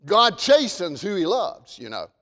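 A man with a Southern US accent preaching a fervent sermon, shifting between shouted warnings and folksy storytelling. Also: high voice, huge pitch swings, a little slow, in a large hall. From American South.

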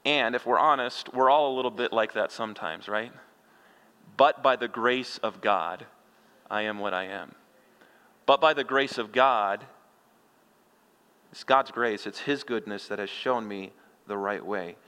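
A middle-aged male pastor preaches with a bright, forceful voice, mixing folksy humor and rhetorical questions into his sermon. His voice carries through a sanctuary with a long reverberating tail. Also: on the low side, a little slow, pauses often, clean tone. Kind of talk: expository sermon.

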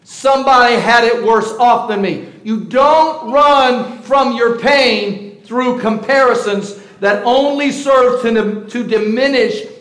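A middle-aged pastor with a very high, slightly bright voice preaches a sermon slowly and with few pauses, talking conversationally and calling out to his congregation. It's recorded in a roomy, echoey church sanctuary.

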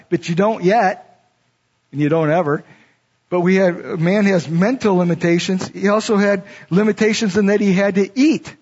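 A man's voice: sits high, normal speed, darkish tone, breathy edge. A middle-aged man preaching a sermon, reading scripture verses and then explaining them in a teaching way. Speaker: pastor. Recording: dull lo-fi sound.

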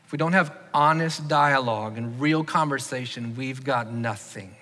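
In a church sanctuary with long hall reverb, a pastor delivers a sermon in a medium-pitched, bright, forceful voice at a moderate pace with few pauses. He earnestly leads the congregation, asking them to raise their hands.

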